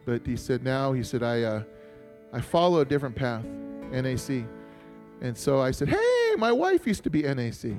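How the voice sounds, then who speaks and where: A man's voice: medium pitch, sing-song, moderate pace, darkish tone, soft background music. A male pastor from Montana telling a personal story in a sermon, chatty and joking, calling on the congregation to answer. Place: church.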